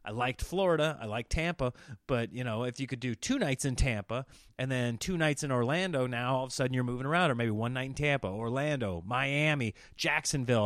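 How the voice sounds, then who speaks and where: A man from Nebraska talks through a casual podcast monologue at a middle pitch, rambling from one story to the next. He acts out other people's lines as he goes. The recording is close and dry, with no room sound. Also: dry recording. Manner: rambling, animated storytelling with acted-out quotes. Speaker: comedian and podcast host.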